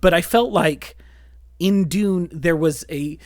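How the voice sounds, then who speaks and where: In a laid-back film-podcast conversation, this co-host speaks rapidly and with energy, constantly restarting and dropping fillers like "like." The pitch is mid-range, and the sound is close-miked and dry, free of any room reverb.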